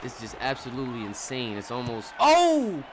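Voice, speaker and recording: A young man doing casual, laughing live commentary on a simulated football game, breaking into shouts at big plays. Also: medium pitch, huge pitch swings, normal speed, slight background noise.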